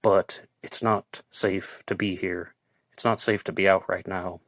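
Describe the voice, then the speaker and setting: A tall, stern police officer who turns people away but lets a warning slip in a near whisper, voiced by a man reading an audiobook. The voice is deep and stays close to the narrator's own. The recording is dry and intimate. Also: little pitch movement, brisk, dry recording, close to an everyday voice. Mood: firm. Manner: firm instructions, then hushed confiding.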